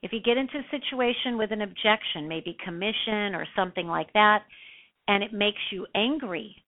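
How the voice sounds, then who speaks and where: Woman coaching real estate agents, quick and punchy, sounds like it's over a phone line. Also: mid-range voice. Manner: self-described fast talker, punchy and emphatic. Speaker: real estate sales trainer. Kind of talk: instructional talk.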